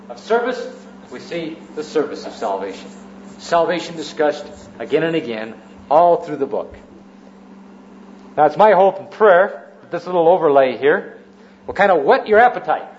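Male preacher, high-pitched, methodical sermon delivery; roomy church recording, a bit dull and hissy. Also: darkish tone. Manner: structured teaching, repeats phrases for emphasis.

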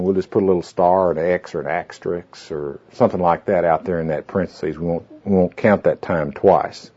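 A man with a low, warm voice talks a small group through a goal-setting handout. He's informal and folksy, rambling with fillers, asides and anecdotes, on a dull lo-fi tape recording.

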